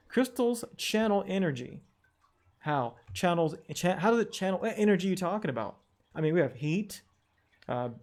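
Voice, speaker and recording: A man's voice: a little high, darkish tone. A man giving an online lesson on checking sources, skeptical and questioning, with frequent fillers and restarts. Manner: skeptical, questioning, reads quotes aloud with wry asides. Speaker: educator explaining online research. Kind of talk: screen-share tutorial talk.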